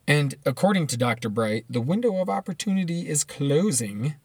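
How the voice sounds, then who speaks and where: Blunt, swearing male commentator, slightly high voice, rambling delivery, dead-dry close sound. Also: lively intonation, normal speed, a little mellow, breathy edge, no echo. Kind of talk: profane casual commentary.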